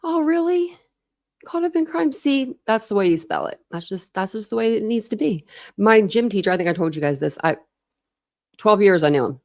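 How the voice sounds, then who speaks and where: A woman's voice: medium pitch, lively intonation, normal speed. A woman in her thirties hosting a true crime livestream, chatting casually, laughing and greeting viewers by name.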